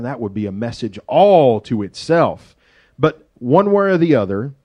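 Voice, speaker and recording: A man's voice: mid-range voice, a little mellow. A middle-aged man preaching a sermon as pastor, conversational and joking, acting out the voices in the story he tells.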